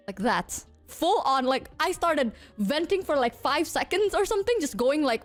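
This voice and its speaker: A young woman from Indonesia, a streamer telling a story to her chat in a casual, animated way, swearing often. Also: high voice, brisk, hardly any pauses, faint music behind. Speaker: VTuber streamer.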